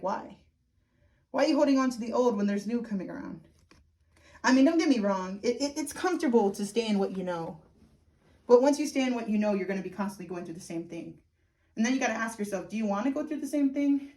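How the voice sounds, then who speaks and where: A woman's voice: mid-range voice, dark tone. Chatty laughing woman reading tarot. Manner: chatty and frank, laughs often, swears casually. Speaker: tarot reader. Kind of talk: casual tarot reading to camera.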